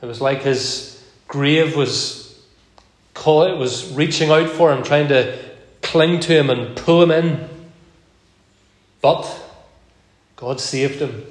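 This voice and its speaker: Earnest preacher man in an echoey church. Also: a little high. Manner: measured, earnest, slows for quoted verses. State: occasional cough. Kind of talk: sermon.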